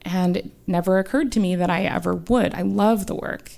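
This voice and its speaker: A woman tells her own story into a stage mic at a live show. Her voice has a gravelly, fried edge, and she speaks in an earnest, conversational way, full of ums and likes. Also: on the low side, steady tone, moderate pace, darkish tone. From United States. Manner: earnest and conversational, with many "um" and "like" fillers. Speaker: doctor telling a personal story on stage. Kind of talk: live first-person storytelling. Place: small live-show stage before an audience.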